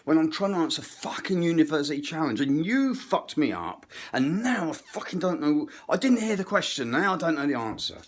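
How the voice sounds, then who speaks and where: A man's voice: medium pitch, animated, normal speed, husky. A man putting on an irritable old grandfather with an English accent, ranting and swearing in exasperation. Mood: exasperated.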